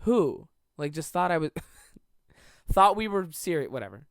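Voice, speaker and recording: A young man rambles through a solo comedy podcast, cutting himself off mid-sentence and jumping into goofy voices. His voice is smooth and resonant. It is recorded close and dry, with no room sound. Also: fairly high pitch, very animated, moderate pace, fairly bright tone, dry recording. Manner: rambling, self-interrupting, slipping into silly voices to act out anecdotes. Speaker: podcast host.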